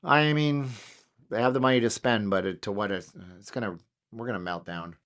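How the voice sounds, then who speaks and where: A man with a lowish voice hosts a casual chat from his home studio. He gets excitable and slangy and thinks out loud as he goes. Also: fairly quick. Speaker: channel host.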